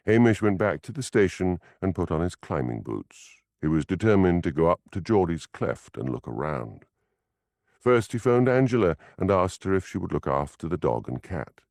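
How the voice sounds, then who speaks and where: A man's voice: sits low, sing-song, moderate pace, darkish tone, no room sound, clean studio sound. A man reading a mystery audiobook as narrator, telling the story expressively. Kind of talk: scripted narration.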